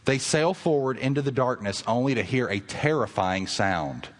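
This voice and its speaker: In a big hall with long reverb, a man delivers an animated sermon at a moderate pace. His preaching to the congregation is earnest and builds to emphatic peaks.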